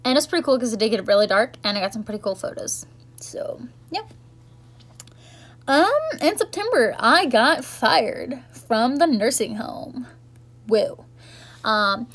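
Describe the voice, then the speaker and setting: Young girl rambling to camera, lots of likes and ums, kinda high voice. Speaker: vlogger. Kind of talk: casual chat recapping the year.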